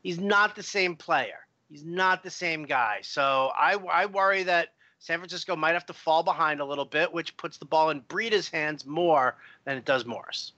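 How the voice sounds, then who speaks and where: A man co-hosting a fantasy football live stream, with a bright, fairly high voice and a jokey, teasing manner. The sound is dry and a little dull. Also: normal speed, few pauses, dry recording. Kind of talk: casual live-stream chat. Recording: dry, slightly dull lo-fi audio.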